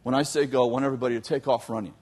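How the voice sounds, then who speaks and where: A man voicing a stern male army sergeant who gives firm, rapid orders. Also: medium pitch, steady tone, a little mellow, breathy edge, close to an everyday voice. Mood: commanding.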